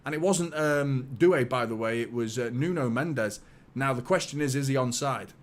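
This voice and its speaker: A man's voice: medium pitch, moderate pace. A man hosting a live football watchalong, reacting to the match, swearing and joking with his chat. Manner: excitable, swears, jokes with chat. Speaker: watchalong host.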